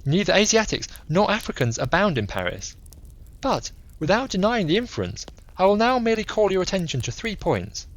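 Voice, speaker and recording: Eccentric clever detective played by a man, measured lecturing tone, raised pitch, lively inflection, bedtime audiobook. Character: eccentric brilliant male detective, coolly analytical.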